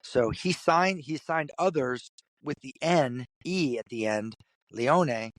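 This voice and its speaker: A man guest in an interview, from Kentucky, telling a story in an animated way and putting on the voices of the people in it. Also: mid-range voice, takes it slowly, no room sound. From Kentucky, USA. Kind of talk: storytelling in conversation.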